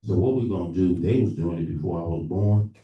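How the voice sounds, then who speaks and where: A man leading a libation in a church service, earnest, with halting pauses and restarts. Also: deep voice, highs cut off. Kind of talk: preaching-style address. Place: church hall during a live service. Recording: echoey room from far off.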